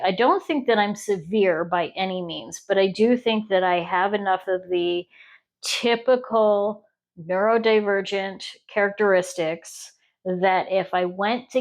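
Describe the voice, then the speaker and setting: A woman from Ohio chats casually while she crochets, rambling and stopping to count stitches. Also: on the low side. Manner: rambling and self-interrupting, pausing to count stitches. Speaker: crochet podcast host.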